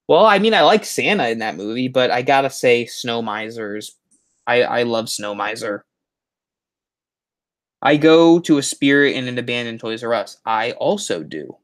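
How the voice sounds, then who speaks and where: A man hosting a livestream on a headset, chatting casually and reading out viewer comments in a rambling way. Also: mid-range voice. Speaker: YouTube livestream host.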